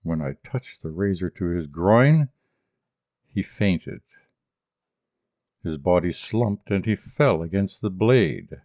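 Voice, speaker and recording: Low-voiced guy reading a story slowly, dry close mic, kinda muffled. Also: animated, no room sound. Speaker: audiobook reader. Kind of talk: scripted narration of a short story.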